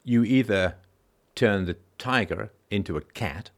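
Deep-voiced man hosting a call-in show. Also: a little slow. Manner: emphatic, repeats key lines for stress; briefly acts out other people's reactions in mocking voices. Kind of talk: philosophical monologue to a caller.

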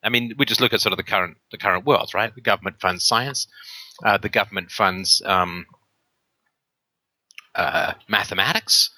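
A man's voice: on the low side, moderate pace, pauses often, pushed and bright, dry recording. A man hosting a call-in show, talking emphatically with rhetorical tag questions and plenty of ums and uhs. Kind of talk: casual argumentative talk on a call-in show.

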